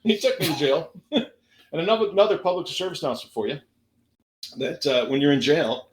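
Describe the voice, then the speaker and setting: A man telling a stand-up story on a podcast, his voice high, bright and swinging widely as he laughs through his own punchlines. The room is roomy and echoey around him. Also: very animated, fairly quick. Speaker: guest, former stand-up comedian.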